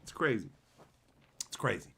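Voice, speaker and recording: A man streaming live, chatting casually with viewers, swearing freely and laughing often. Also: normal speed. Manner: profane, animated, laughs often. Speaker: streamer and entertainer. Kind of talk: casual livestream chat with viewers.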